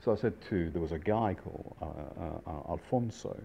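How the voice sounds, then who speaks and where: A man's voice: deep voice, a little fast, creaky, mellow, slight background noise. A middle-aged man casually telling a rambling anecdote with many fillers and restarts. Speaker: storyteller, restaurant industry veteran.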